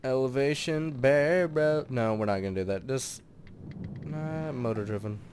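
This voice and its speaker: Lively man narrating his gameplay. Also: on the low side, normal speed, a little hiss or hum. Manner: muttered thinking aloud, bursting into excited shouts and laughter. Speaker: gaming channel host. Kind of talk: let's play commentary.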